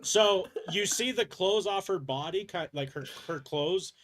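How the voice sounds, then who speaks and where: A man's voice: high-pitched, a little slow, a bit bright. A man running a tabletop role-playing game as game master, narrating in a loose, rambling way full of fillers.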